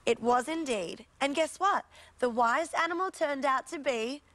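A woman's voice: sits high, normal speed, no echo. A woman presenting and narrating a story for young children on a TV show, playful and inviting. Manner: warm, playful and inviting toward young viewers.

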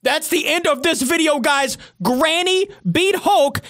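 A gaming reaction host who exclaims excitedly at the action on screen. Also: high-pitched, a little slow. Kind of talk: reaction video commentary.

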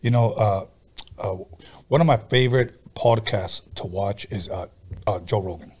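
A man's voice: on the low side, moderate pace, darkish tone, breathy edge. A man hosting a podcast, telling casual, profane stories in a laid-back way. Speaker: podcast host. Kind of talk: casual storytelling chat.

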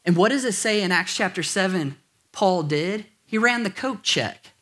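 A man's voice: high-pitched, expressive, normal speed, fairly bright tone. A pastor preaching a sermon to his congregation, conversational and jokey, with asides and questions to the room. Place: church auditorium.

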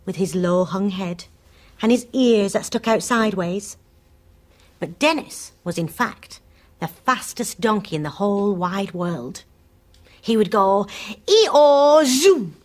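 A woman telling a story to young children on a preschool show, in a sing-song voice that coaxes them to join in. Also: mid-range voice.

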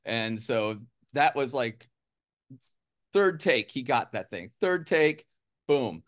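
A man's voice: medium pitch, lively intonation, takes it slowly. A man from the United States, a musician guest, chatting casually in an interview with a rambling, joking, self-deprecating manner.

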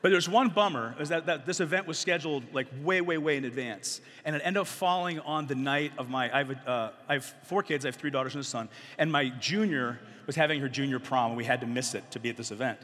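A man's voice: medium pitch, fast talker. Joking middle-aged man speaking in an echoing hall. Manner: animated, joking, conversational, many fillers. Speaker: youth conference speaker. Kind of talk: energetic storytelling talk to a youth audience. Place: large conference hall. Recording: long hall reverb.

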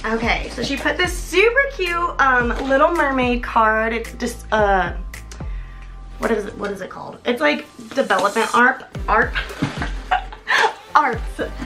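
A young woman talking casually in an unboxing vlog, gushing and giggly, breaking into excited squeals. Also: on the high side. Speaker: vlogger.

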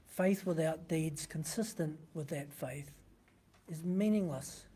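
Pastor, sermon, warm mellow tone, conversational teaching, frequent rhetorical questions. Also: medium pitch, slow pace, breathy edge. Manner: conversational teaching from a printed text.

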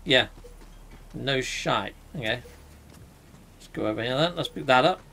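A British man who hosts a gaming channel, talking through his play in a casual, excitable way and yelping when things go wrong. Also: mid-range voice, unhurried, gravelly. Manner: excitable, exclaims and yelps during fights. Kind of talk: casual let's-play commentary.

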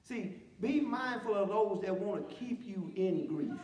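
High-voiced preacher in an echoey church. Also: male voice, animated, unhurried, darkish tone, recorded from a distance. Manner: preaching with humor, calls to the congregation, reading scripture aloud. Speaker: pastor. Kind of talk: sermon.

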